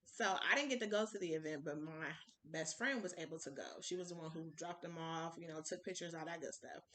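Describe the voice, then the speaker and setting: A young woman vlogger telling a story in casual chat, animated and acting out the voices of people she quotes. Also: deep voice, brisk. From Ohio. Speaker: vlogger, cupcake business owner.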